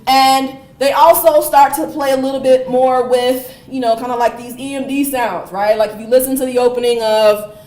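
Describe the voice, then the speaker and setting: High-voiced woman lecturing in a roomy hall. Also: moderate pace, far from the mic. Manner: lively, animated storytelling with laughter. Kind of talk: university lecture. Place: lecture room.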